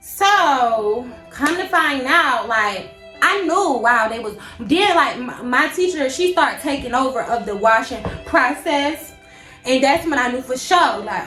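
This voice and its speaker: A young woman tells a personal story in a high, expressive voice, slangy and dramatic, and she acts out her own panicked thoughts. She is recorded in an echoey room, with faint music underneath. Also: measured pace. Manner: animated, slangy, dramatic inner monologue. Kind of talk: storytime vlog, casual retelling.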